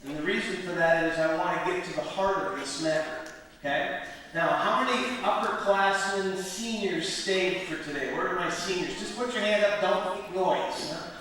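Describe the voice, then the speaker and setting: A man in his fifties giving a lively motivational speech at a school assembly, joking with the students. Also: high-pitched, normal speed. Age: 50s. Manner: animated, joking with the crowd. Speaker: motivational speaker. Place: large school gym or auditorium. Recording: echoey hall from far off, faint ambience.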